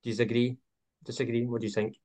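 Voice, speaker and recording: A man's voice: mid-range voice, little pitch movement, fast, a little mellow. A man hosting a casual football podcast, talking with many hesitant fillers. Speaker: podcast host.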